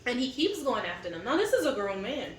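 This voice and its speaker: A woman's voice: fairly high pitch, big pitch swings, brisk, a little hiss or hum. Woman, casual chat co-host, candid and rambling; off-mic in an echoey room. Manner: candid, venting, rambling with fillers. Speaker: co-host of a family eating channel. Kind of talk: casual chat over a meal. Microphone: camera set up at a distance. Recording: roomy echo, distant mic, faint ambience.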